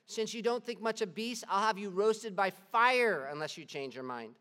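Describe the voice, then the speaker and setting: A man's voice: high voice, animated, moderate pace, sharp tone, voice pushed up. A man voicing a stern, scornful Roman governor as he retells an old trial in a sermon. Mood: threatening.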